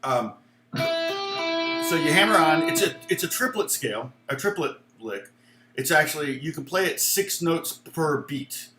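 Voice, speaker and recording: A man with a fairly high, bright and forceful voice gives a casual guitar lesson, drifting into stories with plenty of fillers. He sounds roomy and echoey, with a guitar faintly heard behind him. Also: animated, a little slow. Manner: rambling, chatty, many fillers and asides. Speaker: guitar teacher.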